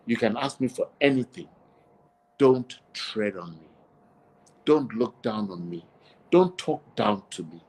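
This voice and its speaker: A man's voice: lowish voice, slightly rough, low-quality recording. A man, speaking as an interview guest in an emphatic, preachy monologue that keeps repeating his points.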